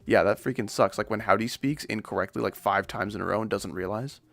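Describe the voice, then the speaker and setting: A man's voice: lowish voice, brisk, creaky, fairly bright tone. A man streaming casual gaming commentary, rambling and joking at his own expense. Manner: rambling, jokey, self-deprecating.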